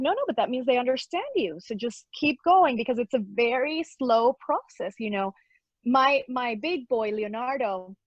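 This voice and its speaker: A woman chats as an interview guest in a gushing, upbeat manner, laughing often. Her voice sits fairly high. The sound is muffled and lo-fi, with no room echo at all. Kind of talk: casual interview chat. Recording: dull lo-fi dry sound.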